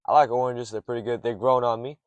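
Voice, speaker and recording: A man's voice: mid-range voice, steady tone, quick pace, clear, resonant tone, dry recording, dull audio. A young man rambling late at night from a parked car in a garage, swearing often and drifting off topic. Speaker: streamer rambling to camera.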